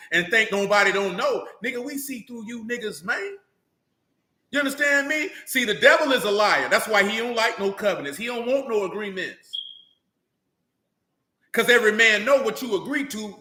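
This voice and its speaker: Male street preacher, high bright tone, blunt slang and rhetorical questions, echoey room. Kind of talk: street-style sermon.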